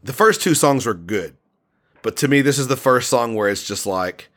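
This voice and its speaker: A man co-hosting a casual album discussion, enthusiastic and halting, full of fillers and restarts. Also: mid-range voice, expressive, a bit bright. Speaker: podcast co-host reviewing an album.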